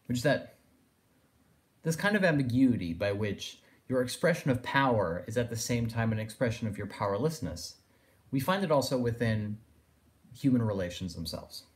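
A man's voice: mid-range voice, animated, normal speed. A man giving a philosophy lecture, thinking aloud and circling his points with phrases like "in a sense". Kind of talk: recorded lecture.

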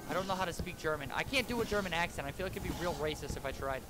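A man's voice: a little high, very fast, hardly any pauses, background noise. A man giving casual, joking commentary while playing a horror game, with jumpy exclamations. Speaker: gaming YouTuber.

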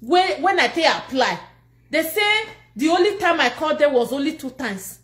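A woman speaking in a Nigerian Pidgin English accent, ranting casually to camera in an animated, laughing and scolding way. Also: high voice, normal speed, reverberant. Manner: animated, laughing, scolding and mocking, switching languages. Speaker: social media personality.

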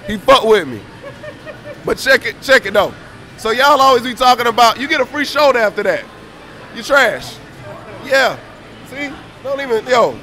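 A man's voice: very high voice, big pitch swings, normal speed, pauses often, pushed and bright, a faint crowd. A man trash-talking on a stream mic, boastful, taunting and profane. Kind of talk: brash trash talk.

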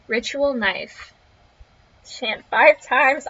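Slow-talking young woman streamer, crunchy audio. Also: a little high, sharp tone, highs cut off. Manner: swears freely, jittery and easily spooked. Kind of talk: let's-play commentary, reading game text aloud.

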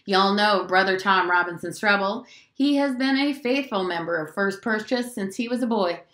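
A woman's voice: mid-range voice, lively intonation, normal speed, a bit bright, close to an everyday voice. A woman voicing a stern small-town male preacher who reads formal announcements to his congregation. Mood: solemn. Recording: roomy echo.

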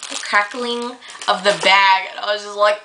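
A young woman vlogger ranting casually to her camera, rambling with lots of fillers and getting excitable as she tells a story. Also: medium pitch, moderate pace, slight background noise, poor audio.

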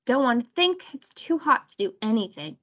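A woman's voice: a little high, very animated, moderate pace, a bit bright. A woman voicing a grumpy, mischievous boy who grumbles and mutters in a storybook read-aloud. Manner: grumbling, bored.

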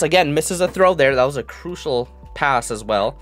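A young man giving live commentary on his own football video game, muttering plays, then yelling and gloating in a sing-song voice. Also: fairly high pitch, moderate pace, faint music behind. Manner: excitable, swings from mutters to yelling. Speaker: gaming commentator.

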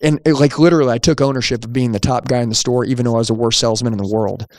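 Man, podcast host, energetic storyteller, punchy emphasis, mid pitch, dry close sound. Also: racing, no echo. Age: young adult at the time of the story, now older. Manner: energetic, emphatic, quotes people in dialogue. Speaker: podcast host, sales trainer. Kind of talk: storytelling monologue.

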